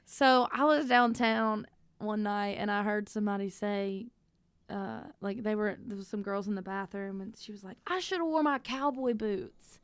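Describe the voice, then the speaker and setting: A woman's voice: medium pitch, fairly even intonation, smooth, no room sound. A young woman from Louisiana, a guest songwriter chatting casually and laughing easily at a live music venue. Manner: chatty, laughs easily, drawn-out singing between talk. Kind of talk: casual chat. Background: guitar music.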